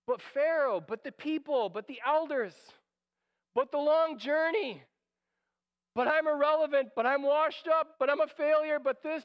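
A man preaching a sermon as pastor, animated and acting out quoted lines, sometimes dropping to a near whisper. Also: extremely high pitch, a little slow, muffled recording.

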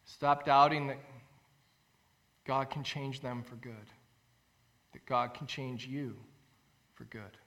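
A man preaching a sermon as pastor, earnest and animated, acting out quotes and repeating phrases for emphasis. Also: mid-range voice, slow pace, pauses often. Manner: animated storytelling, acts out quotes with rising voice.

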